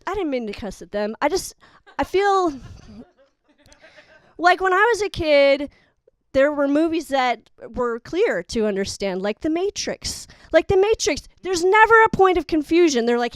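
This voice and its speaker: A woman's voice: very high-pitched, lively intonation, moderate pace, a bit bright, no room sound. A young woman doing a rambling, exasperated, self-mocking stand-up set. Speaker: stand-up comic. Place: live studio audience.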